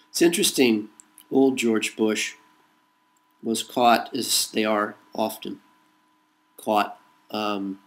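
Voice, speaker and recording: A man's voice: lowish voice, poor audio. Man giving a rhetorical monologue. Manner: rhetorical, repeats a refrain. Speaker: political commentator. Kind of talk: monologue to camera.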